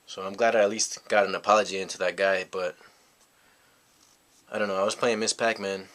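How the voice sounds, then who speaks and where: Young man, from the United States, low voice, bright forceful tone, rambling casual storytelling, lots of fillers. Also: level tone, fairly quick. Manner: rambling, reflective, heavy on "you know" fillers. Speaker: vlogger.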